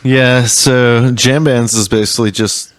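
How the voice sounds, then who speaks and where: A man's voice: medium pitch, fairly even intonation, measured pace, dry recording. A young man, a singer-songwriter guest speaking in his home studio, chatting in a laid-back, offhand way and laughing easily. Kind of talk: casual chat.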